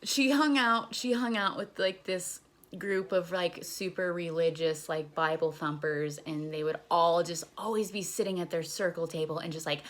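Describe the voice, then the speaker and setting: A woman's voice: lowish voice, steady tone, moderate pace, a bit bright. A young woman casually telling a story on her vlog, candid and profane, retelling events with animation. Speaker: vlogger.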